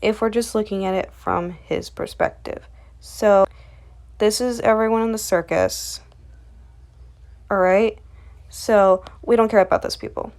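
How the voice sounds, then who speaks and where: A woman's voice: mid-range voice, steady tone, unhurried, pauses often, a little mellow. A woman talks through a comic's plot casually, rambling and chatty. She fills gaps with fillers and keeps checking in with the listener. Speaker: comic recap creator.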